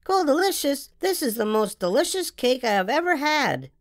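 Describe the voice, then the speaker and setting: Woman reading as a little girl, excitable, theatrical, very high, dry close sound. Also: moderate pace, no room sound. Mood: playful. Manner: theatrical, sing-song and dramatic.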